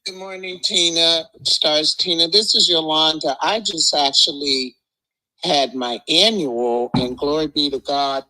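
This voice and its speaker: A woman's voice: deep voice, a little slow, bright, forceful tone, low-quality recording. A woman calling in to a live chat, speaking earnestly and thankfully. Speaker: caller. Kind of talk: casual chat.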